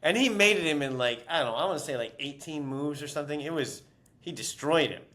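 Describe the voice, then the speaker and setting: A man's voice: a little high, expressive, brisk, sharp tone. A man being interviewed as an author, telling stories casually with many fillers and restarts.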